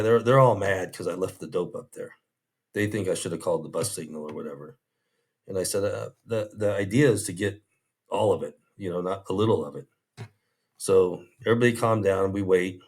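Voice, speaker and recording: Low-voiced man retelling a tense story. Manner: animated retelling, quoting others in raised voices. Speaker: former undercover officer telling a story. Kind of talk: storytelling in an interview.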